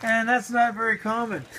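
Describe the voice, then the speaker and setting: A woman recording an unboxing vlog for her hobby. She gushes in slangy, excited speech, swears now and then, and stammers over her words. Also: on the high side, unhurried, slight background noise. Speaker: RC hobby vlogger.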